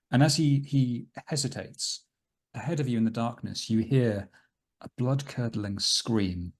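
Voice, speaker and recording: A man running a tabletop game as game master. He narrates scenes slowly and dramatically. His voice sits somewhat low. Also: fairly bright tone. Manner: slow, dramatic descriptive narration.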